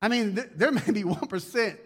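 High-voiced man preaching a sermon. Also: a little fast, breathy edge. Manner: conversational preaching with acted asides and repetitions. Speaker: pastor.

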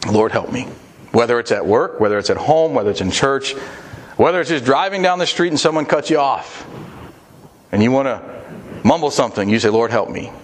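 Man, sermon, earnest plain-spoken preacher, mid-pitched voice. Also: lively intonation, fairly quick. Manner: earnest, plain-spoken teaching with quoted prayers.

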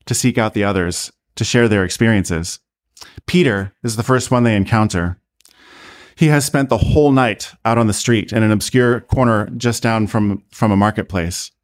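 A man, a priest, narrating a sermon as a slow, deliberate story. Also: lowish voice.

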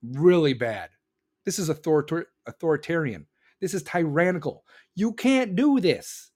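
A man's voice: fairly high pitch, lively intonation, a little slow, darkish tone. Profane, ranting man in his forties. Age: 40s. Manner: profane, heated, sarcastic, mocks others in put-on voices. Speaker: live-stream podcast host. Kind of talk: ranting political talk.

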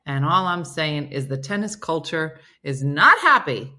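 Lively, bright-voiced chatty woman host. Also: deep voice, unhurried. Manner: chatty storyteller, reads comments aloud and answers them. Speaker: host reading viewer comments. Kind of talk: casual live-stream chat.

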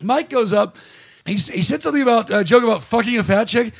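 High-pitched gravelly man telling a story. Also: animated, fast. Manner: rambling, profane, self-deprecating storyteller. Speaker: podcast host and stand-up comic. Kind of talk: casual storytelling chat.

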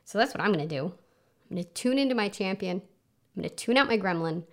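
Her voice is mid-range, with lively intonation and a quick pace. She's a woman running a relaxed solo podcast from a home beneath a flight path, where planes can be heard, and her talk is chatty, self-deprecating, and heavy with fillers.

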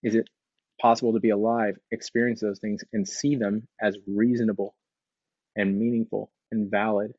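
A man's voice: on the low side, little pitch movement, moderate pace, a little mellow, no room sound, lo-fi sound. A man giving an earnest motivational talk about changing his habits, speaking conversationally and repeating phrases for emphasis. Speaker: speaker sharing recovery story.

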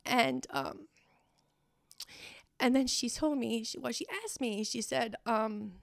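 A middle-aged woman sharing a personal testimony, halting and emotional, with many fillers. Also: a little high, creaky, dry recording, studio quality. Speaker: guest sharing her testimony.

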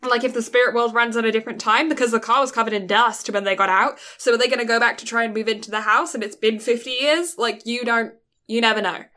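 A woman co-hosting a casual podcast, retelling a film's plot in an animated way with quick quoted voices. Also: a little high. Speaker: podcast co-host. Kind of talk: casual film recap chat.

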